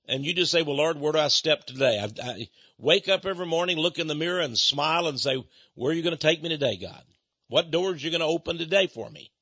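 Male televangelist preacher, fairly high, bright husky voice; folksy and emphatic, repeats for effect. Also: fast, no echo, highs cut off. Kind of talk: televangelist sermon with a fundraising appeal.

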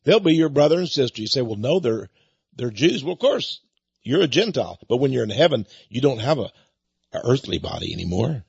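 Folksy older man, husky lo-fi voice. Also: mid-range voice, big pitch swings, brisk, darkish tone, dry recording. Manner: folksy, rambling, chuckling asides. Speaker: radio show host. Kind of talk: talk radio monologue with book pitch.

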